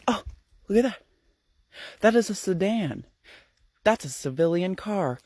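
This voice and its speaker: A man's voice: sits high, expressive, measured pace, a little mellow, dry recording, clean studio sound, voice pushed up, heavily acted. A man voicing a cocky, panicky young woman on the run, talking frantically and slipping into whispers. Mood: flustered. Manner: frantic, breathy, slips into whispers.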